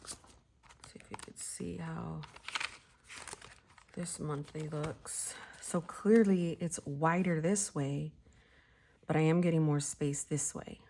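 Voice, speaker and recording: Low-pitched and fairly even, with vocal fry, a woman in her forties talks slowly and pauses at length as she works on her planner. Her casual crafting chat is giggly, and she often lowers her voice to a whisper.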